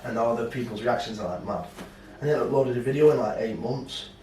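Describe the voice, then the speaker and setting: A man, co-hosting a podcast in casual, animated chat, swearing and acting out quotes. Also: medium pitch, fast talker. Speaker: podcast co-host. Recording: roomy, distant mic with faint noise.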